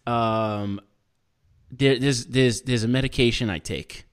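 A man's voice: medium pitch, steady tone, takes it slowly, clean tone. A man co-hosting a podcast, telling a story in casual chat, acting out other people's lines and swearing for emphasis. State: self-employed, married. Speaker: podcast co-host.

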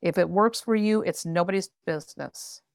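A woman's voice: fairly low pitch, normal speed, creaky, dry recording, clean studio sound. A woman tarot reader talking bluntly and emphatically, giving frank advice in a podcast conversation. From rural area.

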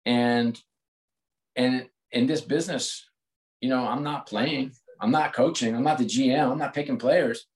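Candid reflective American man, mid-pitched. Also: fairly even intonation, unhurried, poor audio. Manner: candid, reflective, with frequent restarts. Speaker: guest, sports executive. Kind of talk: conversational interview.

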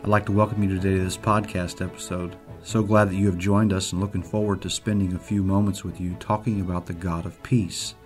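A man, an outreach pastor, giving an earnest, measured devotional and reading scripture aloud. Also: deep voice, level tone, soft background music. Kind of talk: devotional sermon.

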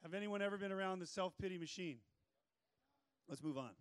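A male pastor preaching a sermon in an energetic, joking way with playful asides. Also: sits high, brisk, clear, resonant tone, dry recording.

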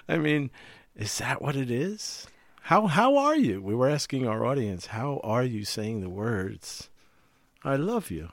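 A man co-hosting a talk podcast in an easy, reflective way. He thinks out loud and fills his speech with casual asides. His voice is mid-range and sits dry and close to the mic. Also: mid-range voice, very animated, unhurried, vocal fry, no room sound. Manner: reflective, thinks aloud with many "you know" asides. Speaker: podcast co-host.

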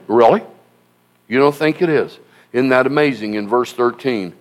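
A man preaching a sermon as pastor, emphatic and repetitive, rising at times to shouts. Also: medium pitch, normal speed.

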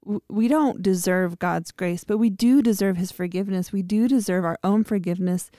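A woman co-hosting a faith podcast, speaking calmly and reflectively. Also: mid-range voice, moderate pace, dry recording, studio quality. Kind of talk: casual faith chat.

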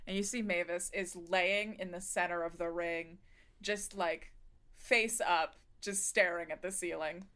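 A woman running a tabletop game as game master, narrating scenes in a relaxed way with small restarts. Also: lowish voice, measured pace.

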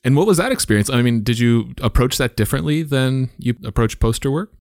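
A man's voice: mid-range voice, lively intonation, brisk, no echo, studio quality. A man hosting a podcast, asking curious follow-up questions. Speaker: podcast host. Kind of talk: interview questions.

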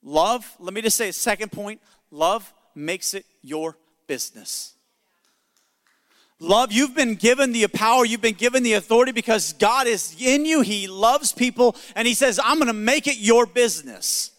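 A man's voice: sits high, normal speed, a bit bright, big-room sound. A male pastor preaching a sermon in an emphatic, conversational way with jokes.

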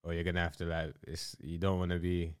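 A young man, chatting calmly and agreeably as a podcast co-host. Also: low-pitched, fast talker, clear, resonant tone, no echo, clean studio sound. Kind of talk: casual chat.

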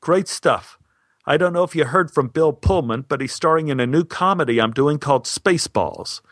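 Friendly, brisk older filmmaker, cheerful and quick; a male narrator's impression. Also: fairly high pitch, sing-song, fairly bright tone, husky, no room sound, clean studio sound, voice pushed up, exaggerated voice.

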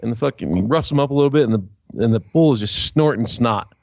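A man's voice: medium pitch, fast talker, creaky, no room sound. A man, a podcast co-host, telling crude stories in a casual, joking way. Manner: crude, joking, animated storyteller. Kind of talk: casual chat, storytelling. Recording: dry, dull lo-fi sound.

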